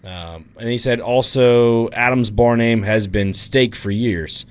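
A man's voice: mid-range voice, slow pace, clean tone. A man co-hosting a radio show, reading listener texts aloud with a hesitant, filler-heavy manner. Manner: hesitant, lots of fillers, reads messages aloud. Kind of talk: casual on-air banter.

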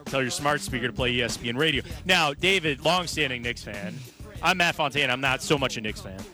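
A man's voice: medium pitch, brisk, faint music behind. A man co-hosting a sports radio show, talking energetically and introducing segments. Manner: energetic, animated.

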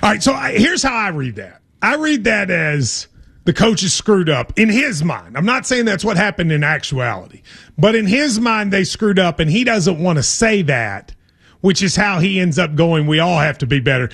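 A man with a Kentucky accent talks football in a casual chat, his voice pitched high and husky. His delivery is animated, swinging widely up and down as he jokes and breaks into laughter. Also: moderate pace. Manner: laughs often, animated and joking. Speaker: podcast co-host. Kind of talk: casual sports talk.

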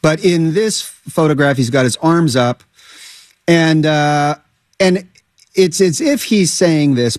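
A comedian guest talks in a casual, joking way. His voice sits a little high and swings widely in pitch as he acts out quoted lines with gusto. The sound is dry and close to the mic. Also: no room sound. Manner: animated, does exaggerated quoted voices.

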